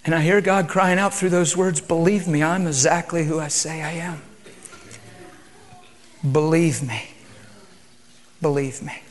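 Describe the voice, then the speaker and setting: A male preacher, subdued, calm and quiet, moving between prayer and a reverent sermon. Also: fairly high pitch, measured pace, long pauses.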